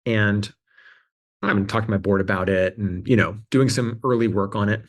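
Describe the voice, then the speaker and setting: Animated man telling stories in an interview. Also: on the low side, normal speed. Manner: animated storytelling, acting out quoted voices; fillers like "like" and restarts. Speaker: interview guest, adtech CEO. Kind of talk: casual interview talk.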